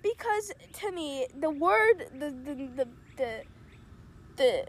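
A young teenage girl with a high voice tells stories to a friend in an excited, dramatic way. She acts out what others said. A faint hiss of background noise sits under her voice. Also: slow pace. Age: young teen. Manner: excitable storyteller, dramatic quoting. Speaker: podcast co-host. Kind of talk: casual chat.

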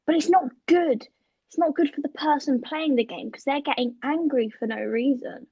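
A woman co-hosting a podcast, giggly and animated as she tells stories in casual chat. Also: high voice, normal speed, no echo. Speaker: podcast co-host. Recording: dull lo-fi dry recording.

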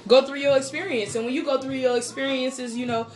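A woman's voice: sits high, fairly even intonation, a little fast, darkish tone. A woman hosting a casual faith podcast, rambling on in an encouraging, preachy way. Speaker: podcast host. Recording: echoey room, faint music. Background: music.

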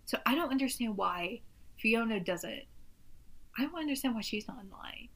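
A woman's voice: on the high side, expressive, moderate pace, a bit bright. A woman talking casually about a movie, rambling and restarting sentences with lots of "like". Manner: rambling, self-interrupting, lots of "like". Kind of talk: casual chat reviewing a movie.

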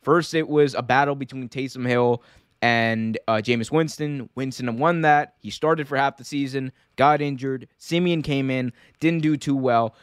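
A young sports show host chats about sports casually and with animation, rattling off opinions and often restarting sentences. His medium-pitched voice is smooth and clear at a normal pace, recorded close and dry with no room sound.

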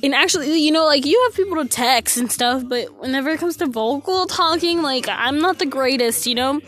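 A woman's voice: high-pitched, animated, a little fast, fairly bright tone. A fourteen-year-old girl hosting her podcast from her bedroom into a phone, out of breath, rambling and losing her train of thought. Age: teens. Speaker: podcast host. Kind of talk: casual solo podcast chat.

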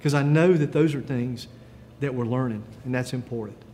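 A man's voice: medium pitch, moderate pace, slight background noise. Guy pastor giving a sermon, easygoing chatty tone, lots of uh, echoey hall. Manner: conversational and gentle, with frequent fillers.

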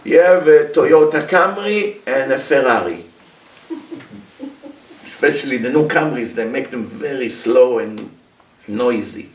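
A man giving a sermon-style religious talk, telling a story in a lively way and asking rhetorical questions. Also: mid-range voice, measured pace, pauses often. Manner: animated storyteller, rhetorical questions, acts out characters. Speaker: religious teacher. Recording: echoey room, mic from far off, faint hiss.

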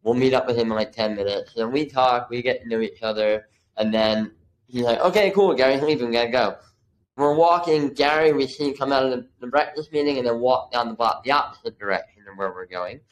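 A man's voice: mid-range voice, a little fast, poor audio. A man in his thirties speaks as a guest on a casual interview podcast. He talks in a medium voice, spinning a story with lots of "like" fillers and bits of acted-out dialogue. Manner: animated, acts out quotes, many fillers like "like". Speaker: guest, videographer.

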